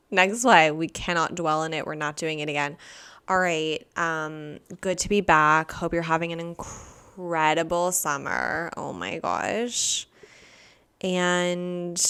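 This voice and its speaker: Young woman podcast host, slightly low voice, chatty solo storytelling, rambling and expressive. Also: gravelly. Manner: animated, rambling, heavy "like" fillers, swears, acts out quotes. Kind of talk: casual storytelling monologue.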